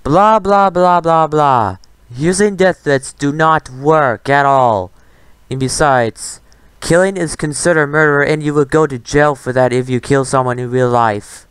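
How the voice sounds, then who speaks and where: A man's voice: medium pitch, unhurried, clean tone, no echo. A man hosting a reaction commentary, talking back at a clip in a defiant, retorting rant. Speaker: commentary host.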